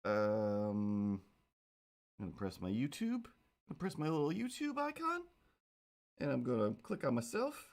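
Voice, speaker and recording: A man's voice: medium pitch, wildly swooping pitch, measured pace, pauses often, a little mellow. A man chatting casually on a livestream while drawing, rambling with self-mocking, playful asides. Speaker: streamer.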